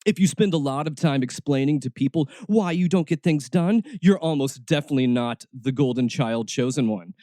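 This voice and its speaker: A man's voice: medium pitch, brisk, few pauses, warm tone, dry recording. A man hosting a podcast, reading a church job ad aloud with sarcastic commentary, mocking it and laughing at his own jokes. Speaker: podcast host.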